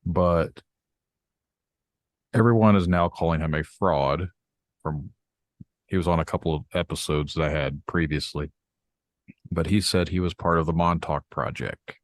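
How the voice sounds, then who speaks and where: Deep voiced podcast host guy, kinda hesitant, dry close sound. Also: unhurried, long pauses, no echo. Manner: relaxed, hesitant, hedging. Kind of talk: casual podcast talk.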